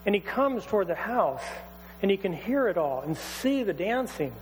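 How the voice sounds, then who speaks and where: A preacher with a high voice tells a scripture story in a relaxed, lively way. His words echo through a church hall, with a faint electrical hum in the background. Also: moderate pace. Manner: conversational, animated retelling. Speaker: pastor. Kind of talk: sermon storytelling.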